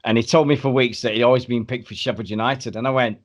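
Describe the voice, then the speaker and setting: A podcast host tells stories with animated energy. His voice sits at an ordinary middle pitch. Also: fast, lo-fi sound. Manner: animated storyteller. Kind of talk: casual anecdote chat.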